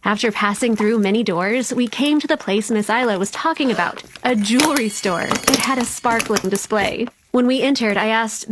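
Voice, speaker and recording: A woman narrating a first-person story in a wide-eyed, excited way. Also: a little high, moderate pace, hardly any pauses. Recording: loud clicking noise behind.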